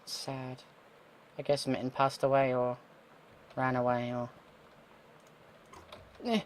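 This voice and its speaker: A man's voice: medium pitch, level tone, takes it slowly, a little hiss or hum. A young man giving casual gameplay commentary, thinking aloud with sarcastic asides and the odd swear word. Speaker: let's play gamer.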